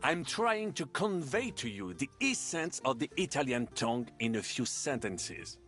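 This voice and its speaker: A man's voice: mid-range voice, very animated, normal speed, a bit bright, faint music behind. An actor playing a fussy, theatrical male language teacher in a game, precise and easily exasperated. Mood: patient, exacting. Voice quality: precise, exasperated tutoring manner. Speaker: language tutor. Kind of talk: game voice acting.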